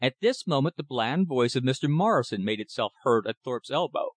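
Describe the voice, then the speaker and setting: A male audiobook narrator with a mid-pitched voice that moves through a lively range. The reading is measured and expressive, recorded dry and close with no room sound. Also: no room sound. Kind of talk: scripted narration.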